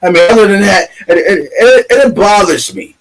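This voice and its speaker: A fired-up man tears into rival fans on a sports podcast, swearing freely as he rants. His voice sits high and keeps climbing as he presses his points. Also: expressive, moderate pace, rough recording. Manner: ranting, profane, trash-talking. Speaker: podcast co-host. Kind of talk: heated sports talk.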